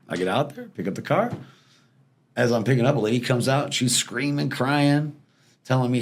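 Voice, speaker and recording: A man talks quickly on a podcast, rattling through a story in a casual, unhurried-sounding but rapid delivery. He slips into quoted voices of the people in it as he goes, keeping a mid-range pitch throughout. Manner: fast, animated storyteller acting out quoted people. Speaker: podcast guest, former repo man.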